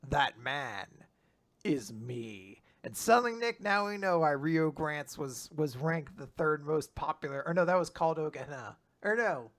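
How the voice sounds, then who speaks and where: A man casually recapping a manga chapter on a podcast, animated, often laughing and acting out characters' lines. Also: on the high side, moderate pace, hardly any pauses, no room sound. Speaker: podcast co-host.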